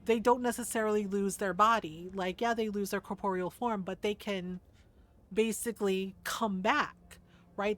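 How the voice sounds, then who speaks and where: A woman's voice: mid-range voice, fairly bright tone. A woman streamer in casual commentary, ranting emphatically and swearing a lot. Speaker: game streamer.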